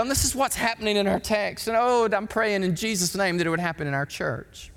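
A man pastor preaching a sermon in a church, emphatic and storytelling, with sudden excited quotations. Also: sits high, brisk, gravelly, hardly any pauses. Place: church sanctuary. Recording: long hall reverb.

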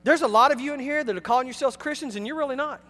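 A male pastor delivering an emphatic sermon, swinging between loud and hushed. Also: very high voice, rapid-fire. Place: church sanctuary. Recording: long hall reverb.

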